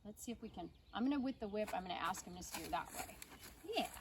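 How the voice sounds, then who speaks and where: A woman horse trainer teaching riding outdoors, coaxing her horse with soft baby talk and explaining to viewers. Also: mid-range voice, lively intonation, quick pace, slight background noise. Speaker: holistic veterinarian and horse trainer. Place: outdoors at a rural horse farm. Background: birds and outdoor ambience.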